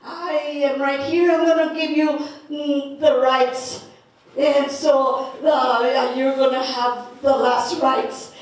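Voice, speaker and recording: A woman storyteller voices a calm village priest who speaks slowly and evenly. Heavy echo, heard from far off. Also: sits high. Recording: echoey, from far off.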